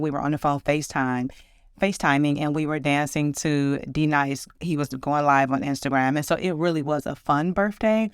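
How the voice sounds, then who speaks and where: A woman's voice: low-pitched, clean tone, no echo, clean studio sound. A woman in her forties hosting a podcast, chatting in an upbeat, reflective way about her own life. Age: 40s. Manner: warm, upbeat, reflective storytelling. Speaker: podcast host. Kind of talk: casual solo podcast chat.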